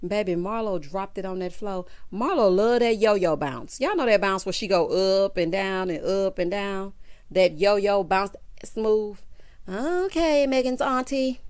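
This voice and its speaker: A woman in her fifties giving a sassy, animated recap commentary on a reality show. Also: mid-range voice, no room sound. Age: 50s. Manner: sassy, animated, drawn-out teasing.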